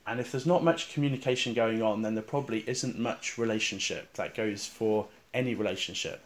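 Male preacher, sermon-style guided meditation, calm and reflective, unhurried with pauses, hushed on recited verses. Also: on the low side. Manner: calm and reflective, with slow pauses, dropping soft on repeated verses.

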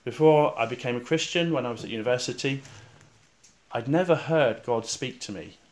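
Calm reflective male preacher. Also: medium pitch. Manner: calm and reflective, with slow pauses, dropping soft on repeated verses. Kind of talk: sermon leading a guided scripture meditation.

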